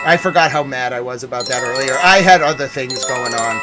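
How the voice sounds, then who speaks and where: A man's voice: medium pitch, fairly quick, over loud music. Man in a theatrical mock-outraged rant. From Massachusetts. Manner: theatrical mock outrage, swinging between loud and muttered. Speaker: livestream host. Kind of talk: ranting live stream commentary.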